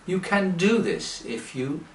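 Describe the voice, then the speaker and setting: Slow-spoken man, roomy distant sound. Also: high voice, big pitch swings, a little hiss or hum. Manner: slow, deliberate, with rhetorical questions. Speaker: English teacher. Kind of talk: direct-to-camera sales pitch. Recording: roomy, from away from the mic.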